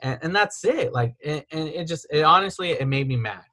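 A man's voice: a little high, animated, brisk, bright, forceful tone. A man, a podcast host, telling a frustrating story in a casual rant, full of "like" and quoted texts. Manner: aggrieved, retelling texts with filler "like".

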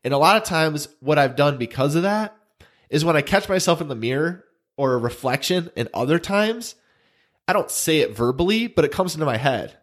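A man's voice: on the high side, lively intonation, a little fast. A man, co-hosting a podcast in casual chat, earnest and emotional, often repeating his words. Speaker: podcast co-host.

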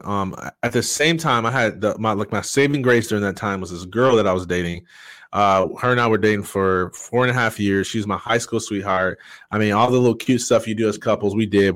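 A middle-aged man speaking as a guest, telling a personal story earnestly and candidly, halting often with fillers. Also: lowish voice, fairly bright tone, dry recording. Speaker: podcast guest.

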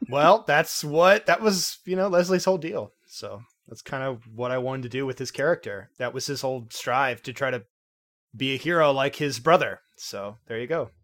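A man's voice: mid-range voice, moderate pace, fairly bright tone. A man playing in a tabletop game, chatting casually, joking and laughing often, with hesitant fillers. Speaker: player.

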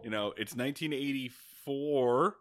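Speaking a little slowly in a mid-range voice, a man co-hosts a comedic movie podcast. He keeps the chat casual and jokey, laughing and occasionally cursing.

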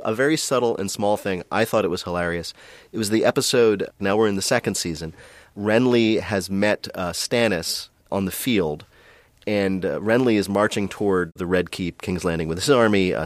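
A man co-hosting a casual chat, telling stories in an animated way and laughing often. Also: low voice, no room sound. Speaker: podcast co-host.

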